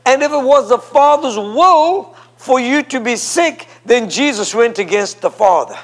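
A man's voice: very high voice, animated, unhurried. A man preaching a sermon to a congregation, emphatic and repetitive, leading them in call and response. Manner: emphatic, repeats phrases for effect. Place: church before a congregation.

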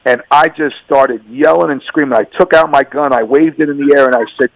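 A man's voice: a little high, steady tone, quick pace, creaky, hardly any pauses, dry recording, rough recording. A man telling his personal faith testimony on a radio show, earnest and emphatic, often repeating words and phrases. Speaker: radio guest.

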